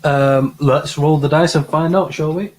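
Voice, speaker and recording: A man's voice: fairly high pitch, fairly even intonation, moderate pace, slight background noise. A man co-hosting a live advice stream, talking eagerly and often repeating and restarting words. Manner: enthusiastic, stumbles and repeats words, playful. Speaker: advice show co-host. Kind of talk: casual live-stream banter.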